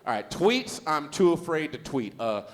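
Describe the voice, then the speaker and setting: A man's voice: a little high, big pitch swings, normal speed, in a large hall. A man from Los Angeles doing a stand-up comedy set on a festival stage, with loose, slangy, self-mocking storytelling. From Los Angeles, USA.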